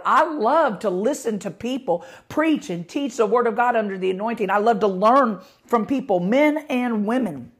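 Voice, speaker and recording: A middle-aged woman pastor preaching with passion, her voice growing louder as she gets excited. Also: on the high side. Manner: passionate, rising volume when excited. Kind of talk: podcast sermon.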